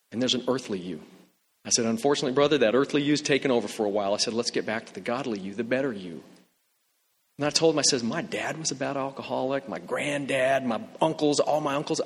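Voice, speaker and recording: A man with a husky, slightly breathy voice tells a personal story straight to the camera. He speaks earnestly and haltingly, repeating words and restarting his sentences as he goes. The sound carries a long, lingering reverb. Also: medium pitch. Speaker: emergency room nurse.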